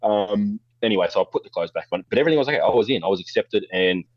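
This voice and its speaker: Fast-talking deep Australian man. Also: dry recording, dull audio. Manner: blunt, swearing, animated storyteller. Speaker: photographer guest. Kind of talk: casual storytelling interview.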